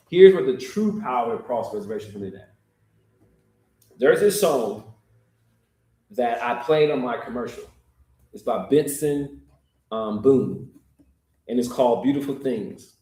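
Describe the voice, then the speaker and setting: A man's voice: mid-range voice, darkish tone. A man preaching a sermon, talking directly to the congregation in an easygoing, conversational way. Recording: echoey room.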